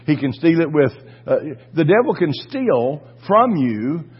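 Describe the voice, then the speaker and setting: A man preaching a fervent sermon, swinging between quiet asides and loud exhortation. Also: fairly high pitch, sing-song, a little slow, husky, muffled recording. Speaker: pastor.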